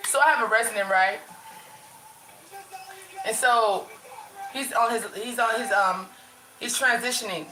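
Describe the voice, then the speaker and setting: A woman with a bright, fairly high voice chats loosely with her viewers from her bedroom, stopping and restarting her sentences. Her nose is running. The room sounds echoey, with a faint hiss underneath. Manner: chatty, addresses viewers as y'all, lots of restarts. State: runny nose. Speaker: vlogger. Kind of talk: casual livestream chat.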